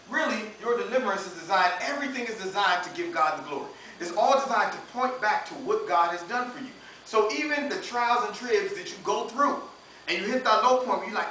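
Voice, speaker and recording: A young man preaching an informal sermon to students, chatty and laughing often, dropping into a lower voice to act out what people say. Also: normal speed, bright, forceful tone. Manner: conversational, laughing often, acts out quotes in a lower voice. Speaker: campus minister preaching. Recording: roomy echo, recorded from a distance, faint background noise.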